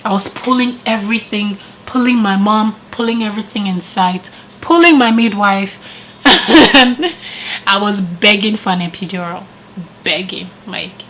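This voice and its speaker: A woman vlogger casually telling a personal story with animated retellings and frequent laughter. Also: mid-range voice, slight background noise, poor audio. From living in Canada.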